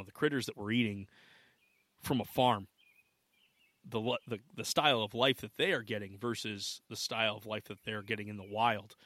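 A man's voice: fairly low pitch, a bit bright, dry recording. A man hosting a podcast, talking earnestly in long rambling sentences that often restart. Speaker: podcast host. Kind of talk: casual interview talk.

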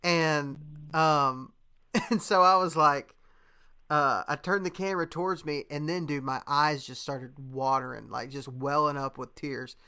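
A man's voice: a little high, steady tone, measured pace, sharp tone, smooth. A young man in casual chat, a podcast host telling a story in a laid-back way, with lots of fillers and laughter.

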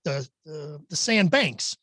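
Male guest, husky and high-voiced, rambling anecdote teller. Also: animated, slow pace, fairly bright tone, no echo. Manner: rambling storyteller who stops to clear his throat. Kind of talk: casual anecdote.

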